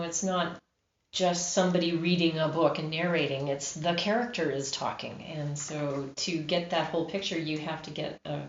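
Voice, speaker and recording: A woman audiobook narrator talking about her work in a lively, expressive way. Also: low voice, a little hiss or hum. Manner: lively, expressive, acts out examples. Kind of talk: interview answers, casual. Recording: dull roomy recording.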